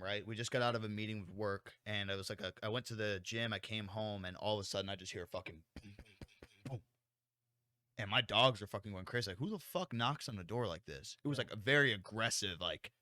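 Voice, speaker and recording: A man's voice: lowish voice, a little fast, dry recording, studio quality. A young man co-hosting a podcast, telling a story in casual chat, swearing a lot and acting out what people said. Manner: animated, swears a lot, acts out quotes. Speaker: podcast co-host.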